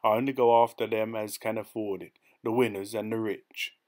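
A man's voice: on the low side, little pitch movement, moderate pace, a little mellow, lightly acted. A man reads out a sly, boastful pickpocket, full of cocky street talk. He brags about his trade with a pleased grin in his voice, as in a storybook reading. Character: sly, boastful male pickpocket hitch-hiker.

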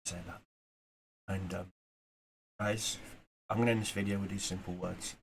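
A man talking straight to camera in a casual motivational vlog, earnest and rambling, moving from quiet reflection to emphatic urging. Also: low-pitched, steady tone, normal speed, creaky, slight background noise. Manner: earnest, rambling, with fillers and repeats. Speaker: YouTuber.

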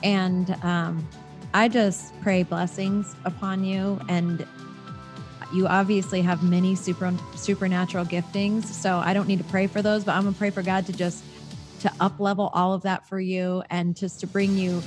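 Brief: warm-toned praise, woman host, mid pitch, faint music bed. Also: flat delivery, moderate pace. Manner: effusive, affirming, laughs readily. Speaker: podcast host. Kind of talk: podcast interview.

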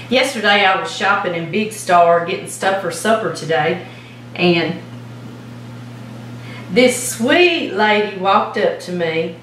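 A woman's voice: mid-range voice, a bit bright, a little hiss or hum. Folksy Louisiana woman in an echoey kitchen. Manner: folksy, storytelling while icing a cake. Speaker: home cooking show host. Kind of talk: casual chatty cooking demo. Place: home kitchen. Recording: echoey kitchen, mic at a distance.

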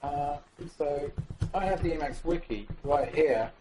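A man giving a live conference tech talk with a demo, animated and joking, talking to the audience. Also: fairly high pitch, a little slow, noisy background. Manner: animated, jokey, mimics others in voices. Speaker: conference speaker. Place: conference room.

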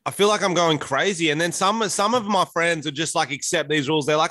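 Australian guy, podcast guest, bright and tense voice, sweary and indignant. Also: a little high, fast, hardly any pauses, no echo. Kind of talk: casual podcast chat.

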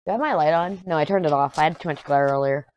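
A woman chatting casually and excitedly through a diamond painting unboxing. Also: deep voice, racing, slight background noise. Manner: chatty, excited, hums while working. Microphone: desk mic.

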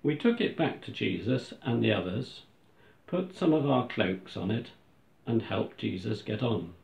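Brief: man with a gravelly voice, solemn church reader, roomy and muffled sound. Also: lowish voice, expressive, unhurried, a little mellow. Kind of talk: scripted first-person reflection reading. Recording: echoey, dull lo-fi room recording.

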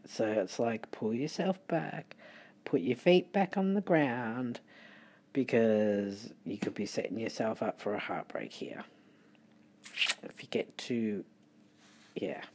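Slow, husky Australian tarot reader. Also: medium pitch, darkish tone. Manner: chatty and rambling, with muttered asides. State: sleepy, late at night. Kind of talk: casual tarot reading.

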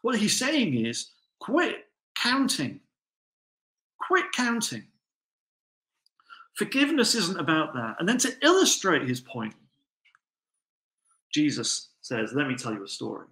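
A man's voice: on the high side, huge pitch swings, normal speed, a bit bright. A man preaching a sermon, telling a story with rhetorical questions. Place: church. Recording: echoey church hall.

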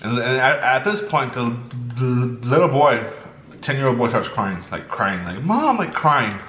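Animated young man in echoey room. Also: medium pitch, normal speed. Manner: animated, acts out the people in his story. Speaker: mukbang vlogger. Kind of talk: casual storytelling while eating. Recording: echoey room, faint background noise.

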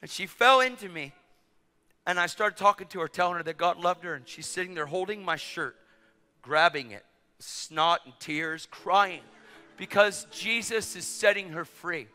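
An animated male preacher tells his story in a high, bright voice, dropping to hushed asides and rising to shouts. His sermon echoes through a large hall with faint music underneath. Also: normal speed, some chatter behind. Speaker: evangelist preacher.

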